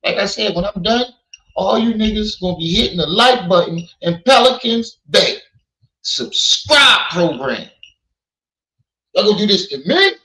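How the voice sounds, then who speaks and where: A man's voice: high-pitched, animated, unhurried, bright, forceful tone. A man hosting a livestream, blunt and scolding, repeating himself and thanking donors. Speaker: livestream host. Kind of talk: livestream commentary. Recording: echoey, dull lo-fi sound.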